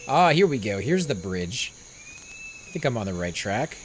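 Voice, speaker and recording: A man's voice: medium pitch, unhurried. Laid back gamer dude chatting with his buddies while playing, noisy mic. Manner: relaxed, chatty, thinks aloud. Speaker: gameplay host. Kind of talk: casual voice chat while playing.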